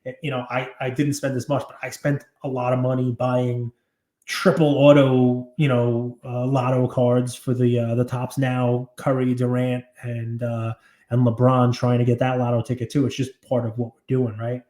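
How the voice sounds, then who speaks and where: A man hosting a casual hobby podcast, talking with lively, ranting energy and laughing between complaints. His voice sits at a middle pitch. The room gives it a noticeable echo. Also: moderate pace. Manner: animated, ranting, breaks into laughter. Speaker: podcast host. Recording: roomy echo.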